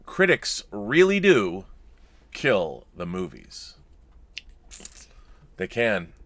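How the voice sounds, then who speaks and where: A man with a bright, forceful voice talks loosely on a casual podcast, breaking off and restarting his sentences. He reads viewer letters aloud between bits of chat. The sound is close and dry, with no room around it. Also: lowish voice, sing-song, very slow, no echo. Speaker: podcast co-host.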